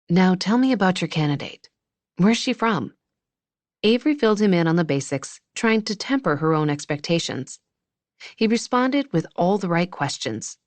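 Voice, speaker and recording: A woman narrating an audiobook, keeping her reading even and measured. Her voice sits low, and the recording is dry and close with no room sound. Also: no room sound. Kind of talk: scripted narration.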